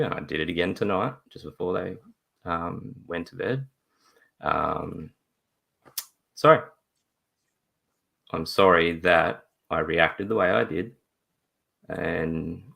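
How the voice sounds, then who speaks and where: Male guest: low, raspy, bright-edged voice; laughing, animated storyteller on a video call. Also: takes it slowly, long pauses. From Australia. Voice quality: deep gravelly voice. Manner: laughs often, acts out voices in his stories. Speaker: interview guest, father. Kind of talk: casual storytelling in a live video interview.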